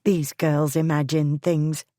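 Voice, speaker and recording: Woman voicing a dismissive, rough-spoken aunt. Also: low-pitched, little pitch movement, mellow, no room sound, studio quality. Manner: brisk and dismissive, with rough grammar. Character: dismissive, scheming working-class aunt. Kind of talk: audiobook character voice.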